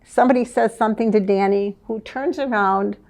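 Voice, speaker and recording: An older woman, a former advertising manager, reminiscing in a lively storytelling way and laughing often. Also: mid-range voice, fairly quick. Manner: lively, laughs often, vivid scene-setting.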